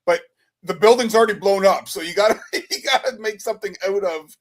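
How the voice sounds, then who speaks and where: A man's voice: high voice, brisk. A man hosting a podcast, asking his guest long, rambling questions in casual conversation. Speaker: podcast host. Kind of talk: casual interview.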